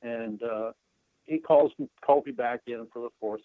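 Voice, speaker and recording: A man's voice: mid-range voice, fairly even intonation, normal speed, dry recording. Older man telling stories over a phone line. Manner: folksy, self-deprecating anecdotes with frequent restarts. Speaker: guest, retired Marine colonel. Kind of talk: casual storytelling interview. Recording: tinny phone-line audio.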